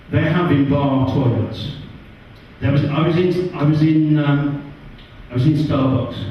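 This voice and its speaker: English man, stand-up comic, lively and high-pitched, distant mic in a very echoey pub room. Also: a little hiss or hum. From England. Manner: animated, jumps into high voices for characters. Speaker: stand-up comedian. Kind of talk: stand-up comedy set. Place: pub stage. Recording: distant, roomy and muffled pub recording.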